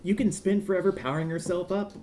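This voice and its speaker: Man podcast co-host, mellow voice, rambly and profane, light hiss behind. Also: sits high, fast. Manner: swears freely, animated and rambling. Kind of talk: casual gaming chat.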